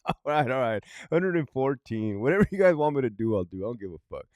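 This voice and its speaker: A man telling a story in a casual, profane way. He is blunt, swears heavily, chuckles between points, and swings between loud outbursts and low mutters. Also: very animated, quick pace, no room sound. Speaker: vlogger, prison guard commentator.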